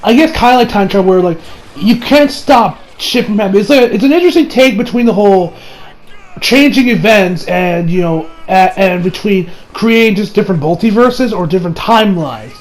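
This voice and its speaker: A man's voice: sits high, expressive, brisk, low-quality recording. A man talking casually as he reviews an anime episode, rambling with lots of restarts and the odd swear.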